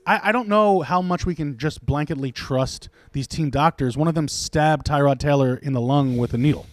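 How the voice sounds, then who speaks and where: A man's voice: on the high side, moderate pace, no room sound. A man co-hosting a podcast, arguing sports points in an emphatic, casual way. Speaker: podcast co-host.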